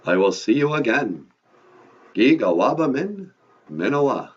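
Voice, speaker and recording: Slow, husky podcast host. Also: male voice, mid-range voice, very animated. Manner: easygoing, teasing, wide-ranging intonation. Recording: distant, dull lo-fi mic.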